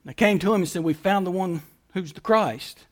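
A man's voice: sits high, moderate pace. A man pastor preaching a sermon, building emphatic lists and rhetorical questions.

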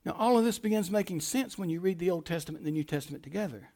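A male pastor preaching a sermon, reading scripture aloud and explaining it with emphatic rhetorical questions, often dropping to a hushed voice at the ends of phrases. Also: sits high, lively intonation, very fast.

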